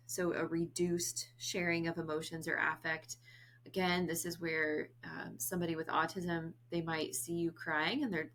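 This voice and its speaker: Bright-voiced woman explaining autism diagnosis. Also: fairly low pitch. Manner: chatty, laughs often, acts out little dialogues. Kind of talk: casual explanatory talk.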